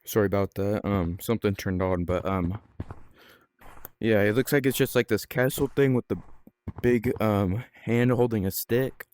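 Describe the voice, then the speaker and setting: A man's voice: fairly low pitch, steady tone, normal speed, darkish tone, clean tone, dry recording. A man hosting his own gaming channel, chatting casually as he plays, rambling and filling his talk with ums, restarts and trailing-off phrases. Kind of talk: casual gameplay commentary.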